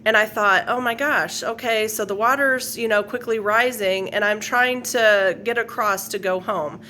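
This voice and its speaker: Earnest bright-voiced woman telling a dream. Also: on the high side, normal speed, slight background noise. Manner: earnest, rambling retelling with fillers and quoted speech. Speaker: faith video host. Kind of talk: personal testimony, casual storytelling.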